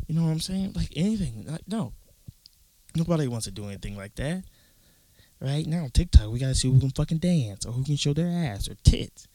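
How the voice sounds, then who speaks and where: This solo podcast comes from a young man in his closet, his medium-pitched voice a little fast as he rambles, swears, and rants with energy. The recording is low quality, with no echo.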